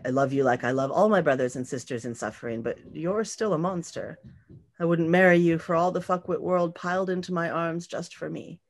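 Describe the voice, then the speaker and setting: Woman reading as an earnest young girl. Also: sits low.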